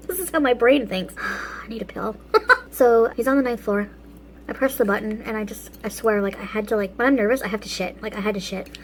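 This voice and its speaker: Eating as she talks, a woman hosting a casual vlog tells a story with food in her mouth, often laughing between phrases. Her voice sits a little high with a darkish tone, and there's slight background noise.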